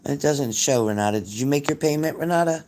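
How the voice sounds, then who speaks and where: A man's voice: fairly high pitch, a little fast, a little mellow. A man hosting a live-stream psychic reading, reassuring and folksy, repeating phrases and calling viewers honey. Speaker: psychic reader.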